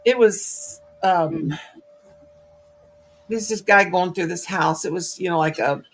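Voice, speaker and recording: A woman's voice: fairly low pitch, slow, a little hiss or hum. An older woman hosting a crochet livestream, telling rambling stories full of restarts and asides in casual chat.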